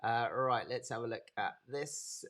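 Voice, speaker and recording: A man's voice: mid-range voice, a bit bright. Chatty Birmingham-accented man lecturing online. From English Midlands. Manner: chatty, unhurried, stops to greet attendees by name. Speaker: anatomy lecturer. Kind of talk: informal live webinar lecture.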